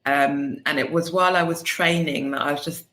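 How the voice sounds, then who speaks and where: A woman's voice: low-pitched, fairly even intonation, moderate pace, a bit bright. Chatty woman guest in an echoey room. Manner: chatty, many fillers, thoughtful. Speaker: debut novelist guest. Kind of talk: casual interview.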